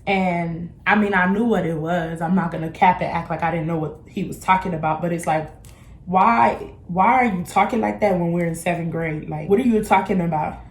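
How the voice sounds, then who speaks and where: A woman's voice: on the low side, brisk, reverberant. A young adult woman vlogger, telling a casual storytime in a candid, slangy way and acting out the people she quotes. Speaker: beauty vlogger.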